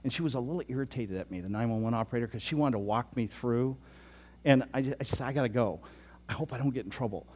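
A pastor in his sixties telling a story in a sermon, chatty, often repeating himself and dropping to a soft voice. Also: mid-range voice, fast talker, slightly rough. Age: 60s. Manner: conversational, repeats words, drops to soft tones.

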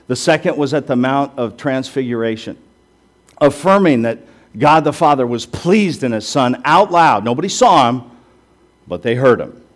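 Conversational man preaching a sermon. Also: medium pitch. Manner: conversational, self-deprecating asides, emphatic rhetorical questions. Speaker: pastor.

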